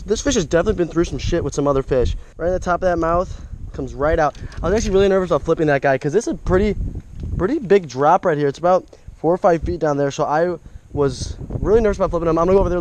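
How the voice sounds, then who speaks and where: A man's voice: fairly high pitch, a little mellow, slight background noise, poor audio. A young man vlogging his fishing trip outdoors by a creek, talking into an action camera and exclaiming over each catch. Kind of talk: casual outdoor commentary.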